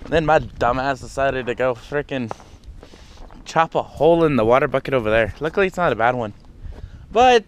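A man vlogging casually outdoors on a farm, rambling and cursing with an on-and-off put-on accent, and coaxing animals in a high voice. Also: lively intonation, moderate pace, clean tone. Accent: vague put-on accent that comes and goes. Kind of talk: casual vlog while doing farm chores.

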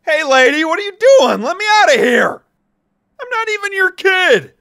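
Animated high-voiced jokey man. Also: normal speed, gravelly. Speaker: cartoon narrator and main character. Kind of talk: animated comedy narration.

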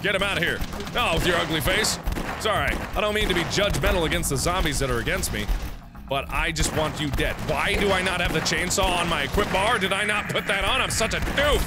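A man giving let's play commentary on a video game, swinging between loud outbursts and mumbled planning. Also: sits high, brisk. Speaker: gaming video host. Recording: game music clearly audible behind. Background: game music.

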